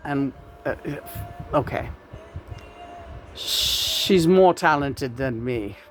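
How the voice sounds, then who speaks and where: A woman speaking as the channeled spirit of a famous male rock star, ranting profanely and mockingly with sudden loud outbursts. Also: extremely low pitch, lively intonation, extremely slow, slight background noise, voice pushed down, exaggerated voice.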